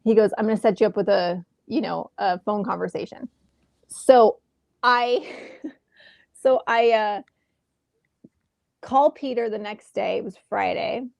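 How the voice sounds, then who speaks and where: Woman, thirties, gravelly fry in her voice, dry close sound, animated storyteller, video call from home. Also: medium pitch, a little slow, long pauses, no echo. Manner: animated, acts out quoted exchanges. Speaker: actress guest. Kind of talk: casual interview storytelling.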